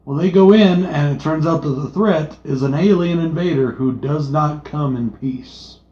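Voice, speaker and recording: A man co-hosts a podcast movie review, his dark voice on the high side and his pace moderate. He's relaxed, joking, and swears freely, and the recording is lo-fi and dull with room echo.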